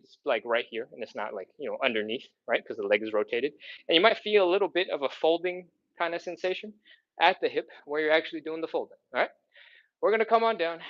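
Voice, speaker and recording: A man with a slightly high voice coaches a live stretching workout for people to follow, counting down holds and letting out sighs between counts as he stretches and catches his breath. The highs in the audio are cut off.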